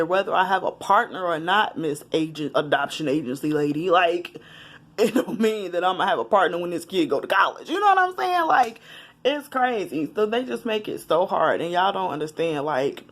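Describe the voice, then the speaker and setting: A woman's voice: on the low side, normal speed. A woman talking frankly and emotionally straight to her viewers in a personal vlog, laughing at times and holding back tears at others. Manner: frank and conversational, addresses viewers directly. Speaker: vlogger. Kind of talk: candid personal vlog confession.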